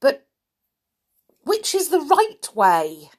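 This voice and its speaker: A woman's voice: high-pitched, wildly swooping pitch, drawn-out words, pitched above the performer's own voice, exaggerated voice. A woman voicing a polite but impatient young boy in a children's story. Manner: polite, then impatient and grumbling.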